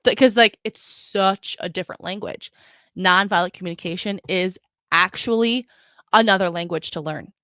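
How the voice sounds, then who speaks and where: A woman's voice: mid-range voice, normal speed, a bit bright, dry recording, studio quality. A young adult woman hosting a podcast, talking casually to her listeners with frequent restarts and filler words. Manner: chatty, stumbling restarts, addresses listeners as guys. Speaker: podcast host. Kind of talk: casual solo podcast talk.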